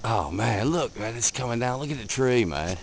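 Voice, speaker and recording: A man filming outdoors in a blizzard on a handheld camera, giving excited casual commentary, cold and a bit out of breath. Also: medium pitch, moderate pace, background noise. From Delaware, USA. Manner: excited, repeats himself, calls viewer man. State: out of breath, face numb from cold. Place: outdoors in a blizzard, wind and snow. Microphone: handheld camera mic.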